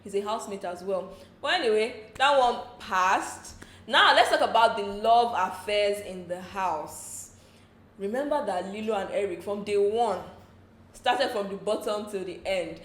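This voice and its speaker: Nigerian woman, gossipy recap host, mid-pitched, echoey room. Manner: chatty, laughs often, slips into pidgin asides. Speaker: entertainment show recap host.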